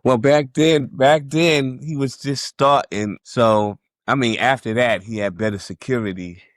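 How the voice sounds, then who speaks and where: A man from New York, a music producer guest, calmly recalling stories in a casual interview. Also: mid-range voice, measured pace, no echo, clean studio sound. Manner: laid-back, reflective recollection.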